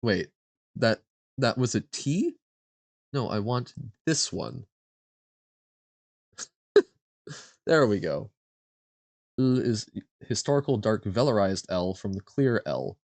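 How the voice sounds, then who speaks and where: A young man streaming a vocabulary quiz, slowly sounding out foreign words, guessing aloud and laughing at himself. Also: on the low side, animated, a little mellow, dry recording. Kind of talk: casual live-stream chat while playing a vocabulary quiz.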